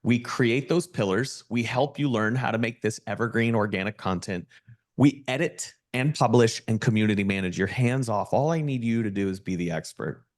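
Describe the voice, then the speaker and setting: A middle-aged man with a fairly low voice speaks as a guest, delivering an energetic motivational pitch. He talks with emphatic, preachy conviction and drives each point home. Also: normal speed. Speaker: guest speaker, personal branding agency owner.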